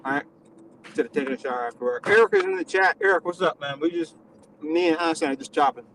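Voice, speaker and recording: Lively, gravelly man teasing in deadpan. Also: a little high, quick pace, a little hiss or hum, rough recording. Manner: mock-lecturing, deadpan teasing. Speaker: stream host. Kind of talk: casual joking banter.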